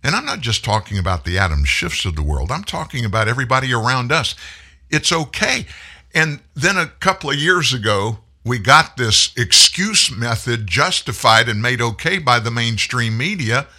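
A man's voice: medium pitch, big pitch swings, normal speed, bright, forceful tone. A man hosting a talk show, delivering a folksy, emphatic political commentary monologue. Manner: folksy, emphatic, preachy, addresses listeners as folks.

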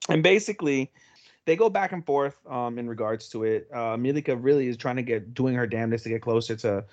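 A young man on a podcast retells an episode in loose, casual chat, swearing constantly and jumping into brief voices for each character. His voice sits in a middle range, and the recording sounds dull and lo-fi. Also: medium pitch. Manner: crude, profanity-heavy retelling with quick put-on voices. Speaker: podcast co-host.

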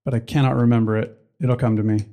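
A young American man co-hosts a podcast, chatting casually, rambling, losing his train of thought and swearing now and then. He talks fast in a level, mid-range voice with a dark tone.

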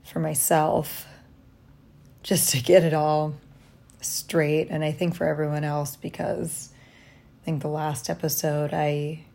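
A woman talking through a personal diary vlog from a hotel room, reflective and halting, tired after little sleep. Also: low voice, little pitch movement, creaky. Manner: reflective, halting, soft-spoken. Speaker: vlogger.

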